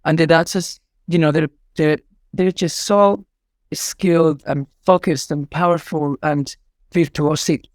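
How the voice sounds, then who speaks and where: A man's voice: on the high side, steady tone, measured pace, no echo, studio quality. A middle-aged man with a Spanish accent, answering interview questions in an effusive, rambling way with many fillers. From Spain. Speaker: artistic director and choreographer.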